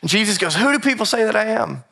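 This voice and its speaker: A man preaching a sermon, animated and repetitive for emphasis, acting out scripture quotes in casual voices. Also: high-pitched, fast, gravelly. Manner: repeats phrases for emphasis. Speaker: pastor.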